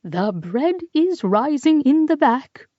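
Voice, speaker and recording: A woman's voice: high voice, very animated, slow, dry recording, highs cut off, pitched above the performer's own voice, full character voice. A woman voicing a polite but appraising middle-aged baker woman in a raised, lighter voice.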